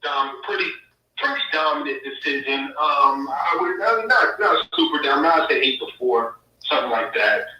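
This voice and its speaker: A man calling in to a sports show who talks in a relaxed, measured way with fillers. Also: mid-range voice, very echoey, recorded from a distance, low-quality recording. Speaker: caller. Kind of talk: casual phone-in chat.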